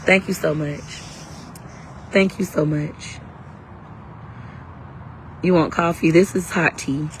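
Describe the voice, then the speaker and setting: A woman's voice: low-pitched, steady tone, takes it slowly, long pauses, a little hiss or hum, poor audio. A woman selling her class live on her phone outdoors, brash and hyped, talking in slang while a little under the weather. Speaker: live-stream seller and coach. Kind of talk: casual livestream sales talk.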